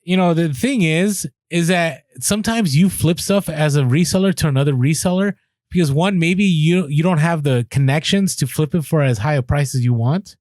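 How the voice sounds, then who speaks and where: A man co-hosting a casual podcast, chatty and quick with asides, often restarting his sentences. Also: fairly high pitch, darkish tone, no echo, clean studio sound. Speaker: podcast co-host.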